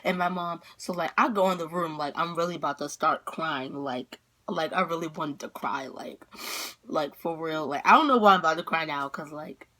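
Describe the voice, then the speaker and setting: A female vlogger telling a dramatic story-time tale with excitable energy, packed with fillers and sudden outbursts. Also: sits low, moderate pace.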